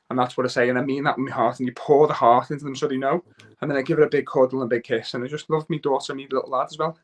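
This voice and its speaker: A man's voice: medium pitch, little pitch movement, very fast. A man speaking as a guest father on a talk show, earnest and rambling, with many restarts and self-corrections. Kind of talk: casual talk-show chat.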